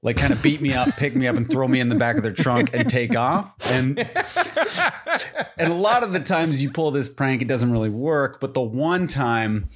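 A man in casual chat, telling stories with lively acted-out quotes. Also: medium pitch, moderate pace. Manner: animated storyteller who acts out quotes.

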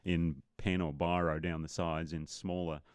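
A man's voice: low-pitched, little pitch movement, normal speed, clear, resonant tone, no room sound. An Australian man co-hosting a podcast in casual chat, asking questions and chuckling often. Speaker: podcast co-host.

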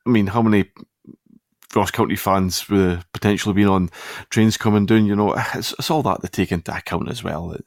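Deep-voiced Scottish podcast host. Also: male voice, steady tone, brisk, no echo, studio quality. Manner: rambling, self-correcting, easygoing. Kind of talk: casual football chat.

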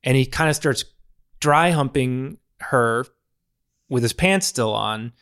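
Male podcast co-host, mid-pitched voice, earnest, rambling, casual film chat. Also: slow, fairly bright tone, clear, resonant tone. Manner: earnest, rambling storytelling with restarts.

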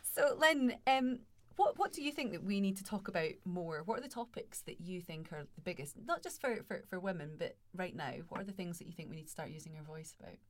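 A woman's voice: lowish voice, lively intonation, brisk, hardly any pauses. Woman host, chatty, laughs easily. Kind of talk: casual chat.

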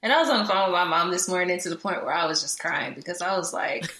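A woman's voice: fairly low pitch, lively intonation, fast, bright, forceful tone. A woman talking as a podcast guest in casual chat, earnest and emotional. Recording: echoey room.

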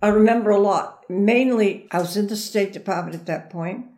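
A woman's voice: mid-range voice, normal speed, a little mellow. Older lady rambling through old memories in an interview, easygoing storyteller. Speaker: interview guest. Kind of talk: reminiscing conversation.

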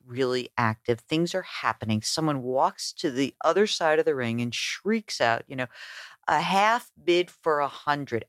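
Guest woman, lively anecdote teller, dry close sound. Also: low voice, no room sound. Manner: animated, acts out quoted voices. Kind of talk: conversational storytelling.

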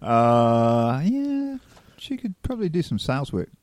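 A man's voice: mid-range voice, normal speed. A New Zealand man co-hosting a podcast, telling stories in casual chat and acting out the quotes. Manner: animated storyteller acting out quotes. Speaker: podcast co-host.

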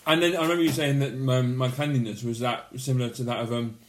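A man's voice: mid-range voice, fast talker, a little hiss or hum. Man telling stories in an echoey room. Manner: storytelling, acts out others in quoted voices. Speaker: podcast co-host. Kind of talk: casual chat. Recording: roomy echo.

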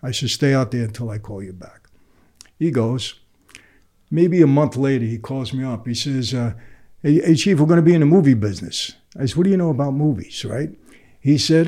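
A man's voice: mid-range voice, normal speed. An older man, a podcast guest telling a long story and acting out each person's lines. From New York. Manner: animated, acts out the other people's lines. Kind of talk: storytelling in conversation.

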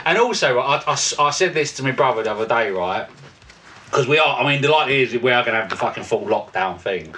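A man's voice: medium pitch, animated, quick pace, bright, forceful tone, far from the mic. A man co-hosting a podcast, telling stories in casual, sweary banter and laughing often. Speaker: podcast co-host.

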